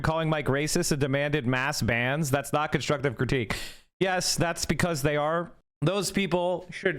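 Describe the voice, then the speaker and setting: A male live streamer in casual chat, arguing his points quickly and talking straight to his viewers, his voice going hoarse. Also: on the high side, fairly bright tone. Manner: fast, argumentative, talks straight to chat. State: losing his voice.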